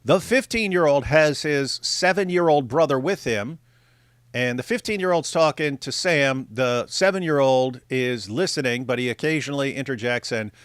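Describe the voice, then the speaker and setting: A man's voice: mid-range voice, moderate pace, smooth, no room sound, studio quality. A man co-hosting a casual commentary show, mocking the clips he discusses with sarcasm and frequent laughter. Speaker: show co-host.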